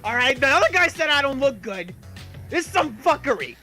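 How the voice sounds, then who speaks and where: A young man with a very high, bright voice reacts to a video game, loud and excitable. His pitch leaps around as he shouts and curses. Faint music plays underneath. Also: fairly quick.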